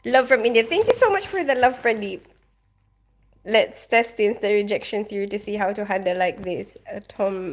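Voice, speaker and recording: A woman's voice: medium pitch, normal speed. A young woman hosting a casual livestream, reading comments aloud and greeting viewers by name. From Philippines. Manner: chatty, greets viewers by name, laughs often. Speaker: livestream host.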